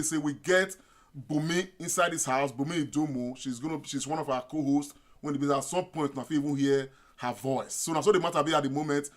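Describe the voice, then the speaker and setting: A Nigerian man hosts a video-call meeting, chatting loosely with plenty of fillers. His voice sits slightly high for a man. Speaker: meeting host. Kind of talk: online meeting moderation.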